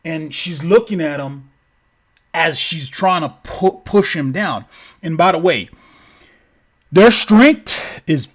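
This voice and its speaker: A man's voice: fairly high pitch, expressive, slow, pauses often. A man telling a story casually, rambling with lots of "like" and swearing freely.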